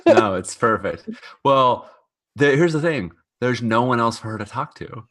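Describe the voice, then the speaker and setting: A man playing a tabletop roleplaying game, speaking in halting bursts with many restarts. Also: medium pitch, lively intonation, a bit bright, dry recording. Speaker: player. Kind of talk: actual-play roleplay chat.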